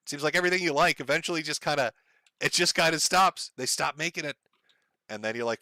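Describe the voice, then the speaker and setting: A man's voice: on the high side, fast talker, sharp tone, no echo. A man hosting a casual livestream, rambling and swearing and laughing often. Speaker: livestream host.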